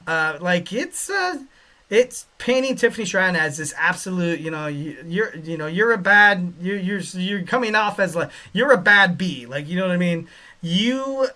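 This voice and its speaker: Male podcast host, casual rambling commentary, higher register. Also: sharp tone. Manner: rambling, joking, lots of fillers.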